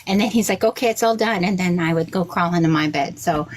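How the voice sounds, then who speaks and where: Woman, forties, rabbi, casual podcast guest, lively storyteller, voices her son in the quotes. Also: quick pace, poor audio. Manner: animated storyteller, quotes others with big pitch jumps.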